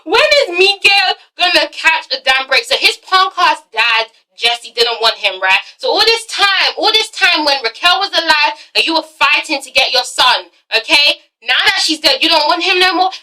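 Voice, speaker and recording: A woman recapping a TV episode in a casual vlog, excitable and profane, acting out the characters in quick asides. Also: high voice, low-quality recording. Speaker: TV episode reviewer.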